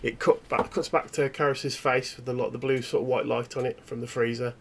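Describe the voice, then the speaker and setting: Gravelly guy running a horror rpg, stops and restarts a lot while describing stuff. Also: mid-range voice, steady tone, a bit bright, slight background noise. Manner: halting, descriptive storytelling. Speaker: game master. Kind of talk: narrating a tabletop horror game.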